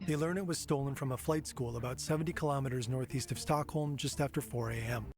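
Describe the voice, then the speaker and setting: A man reading a scripted crime documentary narration in a measured, factual way. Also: medium pitch, darkish tone. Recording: narration with background music.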